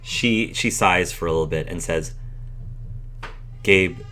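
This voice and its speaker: A man's voice: low-pitched, normal speed, pushed and bright, slight background noise. A man narrating as game master in a tabletop role-play, casual and a little hesitant.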